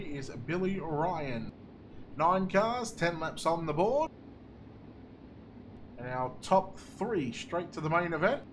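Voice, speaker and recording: High-voiced excitable speedway commentator man. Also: background noise. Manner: excitable play-by-play, voice rising with the action. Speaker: race commentator. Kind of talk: live motorsport commentary.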